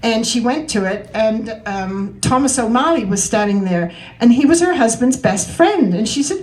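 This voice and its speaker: A woman's voice: on the high side, animated, normal speed, few pauses, darkish tone, low-quality recording. Older woman telling jokes, laughing along. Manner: chatty, laughing at her own punchlines. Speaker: joke teller at a talent show. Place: community event room.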